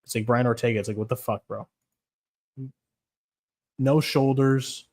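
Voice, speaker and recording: A man's voice: fairly low pitch, flat delivery, racing, gravelly. A man on a casual livestream, talking about fights in a blunt, rambling, profane way. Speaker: streamer.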